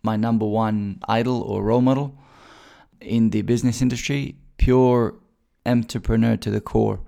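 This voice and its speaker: Man, very gravelly and mellow, casual storyteller, fillers and restarts. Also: on the low side, steady tone, moderate pace. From Bosnia. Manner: chatty, many fillers and restarts. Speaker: recruiter telling his career story.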